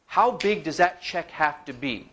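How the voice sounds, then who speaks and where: Lively male lecturer, slightly high voice. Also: unhurried. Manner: lively, talks to the audience with asides and questions. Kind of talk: classroom lecture. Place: lecture hall.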